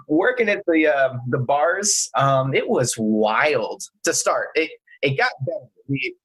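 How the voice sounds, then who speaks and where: A man on a podcast casually telling a story about working at bars, with halting restarts. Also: a little high, fairly bright tone, breathy edge, low-quality recording. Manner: hesitant, many restarts and fillers. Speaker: podcast co-host.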